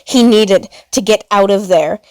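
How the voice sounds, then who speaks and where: A woman narrating a story in a steady, plain reading voice. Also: medium pitch, measured pace, no echo.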